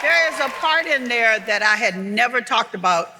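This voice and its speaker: A woman's voice: fairly high pitch, expressive, normal speed, a loud crowd, very noisy. An older woman telling personal stories candidly as a guest on a live theater stage, with earnest restarts. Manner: earnest, heartfelt, with frequent restarts. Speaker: guest author. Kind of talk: candid storytelling conversation. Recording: reverberant live theater sound.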